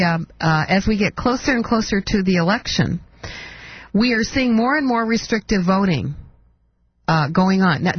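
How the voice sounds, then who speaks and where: A woman's voice: medium pitch, slightly rough, no room sound. A woman hosting talk radio, giving a sarcastic political commentary monologue full of mocking rhetorical questions, in dull lo-fi broadcast audio.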